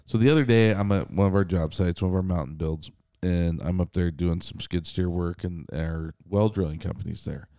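A man's voice: low-pitched, normal speed, dark tone, no echo, studio quality. A man in his thirties, a podcast co-host and contractor, telling a story in casual chat, quoting others and swearing freely.

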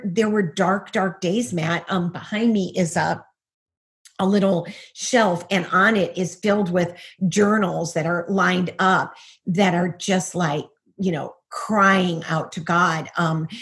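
A middle-aged woman, a guest, giving a personal testimony over a video call, earnest and full of rhetorical questions. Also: on the low side.

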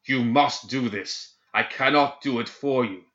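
A commanding older necromancer, as a man reading the story puts him on barks urgent orders in a low voice with a bright, forceful edge. The recording is a little dull and lo-fi. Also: moderate pace. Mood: urgent, stern.

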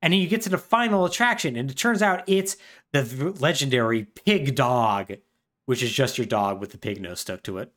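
Brief: male podcast co-host, lively pitch, wry, rambling recap. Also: moderate pace. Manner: chatty and wry, full of fillers. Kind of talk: casual plot recap.

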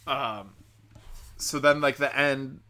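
A man's voice: medium pitch, takes it slowly, bright, forceful tone. A young man, tipsy from drinking, rambling through a profane comedic rant with lots of fillers. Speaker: comedian and podcast host.

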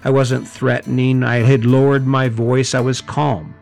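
A middle-aged man giving a high-energy, conversational motivational talk, often correcting himself mid-sentence. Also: level tone, measured pace, creaky, darkish tone, faint music behind. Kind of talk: motivational monologue.

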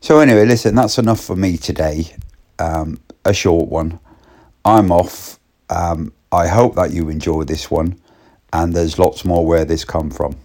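Man, deep voice, slow and rambling, casual storyteller. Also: darkish tone. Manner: rambling, repetitive restarts.

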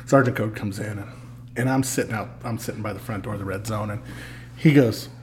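A man guest on a podcast, telling a story in a casual, animated way and swearing freely. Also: on the low side, brisk, slight background noise.

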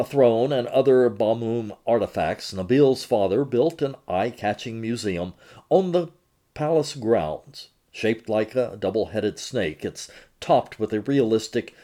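Speaking at a medium pitch, a man reads aloud a magazine feature he reported himself. He tells it in a measured, expressive storytelling way.

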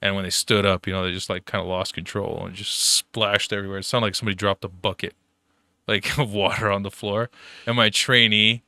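A man's voice: on the low side, flat delivery, a little fast, pushed and bright, dry recording. A young man telling rambling, profanity-filled stories in casual chat, full of fillers.

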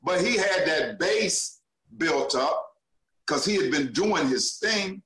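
A male comedian talking casually in a relaxed, encouraging way. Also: fairly high pitch, slow pace. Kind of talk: casual conversation. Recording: echoey room.

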